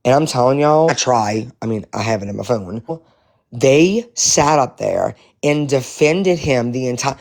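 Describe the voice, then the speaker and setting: A man giving casual commentary to his viewers, animated and profane, rambling with many restarts. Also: mid-range voice, a little slow, gravelly. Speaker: live-stream commentator.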